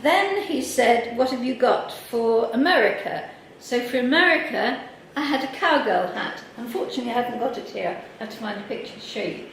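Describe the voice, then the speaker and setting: A woman with an English accent giving a workshop talk, telling lively stories and acting out what other people said. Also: on the high side, a little fast, vocal fry, hardly any pauses. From England. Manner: lively anecdotal, acts out quoted people. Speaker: workshop speaker. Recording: echoey hall, mic far off, faint noise.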